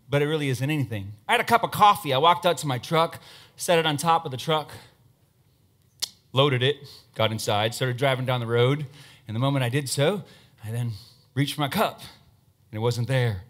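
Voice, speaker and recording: A man giving a humorous motivational talk on stage, joking with the audience and bringing up a volunteer. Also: mid-range voice. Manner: animated, joking, playful asides to the audience. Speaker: motivational speaker and magician. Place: stage before a live audience.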